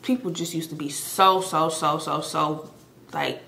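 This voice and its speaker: Bright-voiced young woman, chatty storyteller. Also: sits low, unhurried, slight background noise. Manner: chatty, animated, heavy on filler words. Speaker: storytime vlogger. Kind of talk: casual storytelling to viewers. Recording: echoey room.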